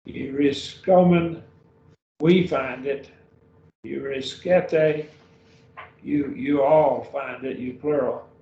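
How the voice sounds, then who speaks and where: A man teaching a Greek grammar class at a slow, patient pace, repeating each word form as he goes. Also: mid-range voice, fairly even intonation, mellow, slight background noise. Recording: lo-fi roomy recording from a distance.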